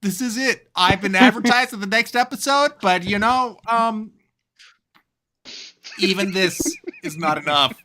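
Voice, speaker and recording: A man's voice: high voice, a little slow, long pauses, bright, forceful tone. A man hosting a comedy game show with a playful, exasperated manner.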